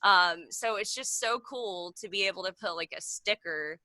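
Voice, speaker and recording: A woman's voice: mid-range voice, normal speed, bright, forceful tone, no echo. A woman in her thirties telling a rambling story on a video call, filling every gap with "like". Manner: rambling, packed with "like" fillers. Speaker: meeting participant sharing a story. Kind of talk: casual chat on a video call. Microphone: video call mic.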